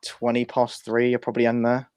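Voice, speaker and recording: Fast-talking young man. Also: mid-range voice, completely flat delivery, darkish tone, clear, resonant tone, no echo, studio quality. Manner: quick, wry, reading comments aloud. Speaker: stream host reading comments. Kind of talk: casual live stream chat.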